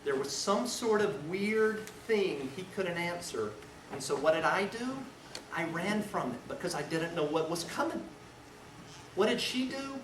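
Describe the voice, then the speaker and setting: A man, a defense lawyer, teaching a seminar with animated storytelling, acting out scenes and swinging between loud and hushed talk. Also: high-pitched, unhurried. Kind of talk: lecture with storytelling. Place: lecture room. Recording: echoey room, far mic, noisy.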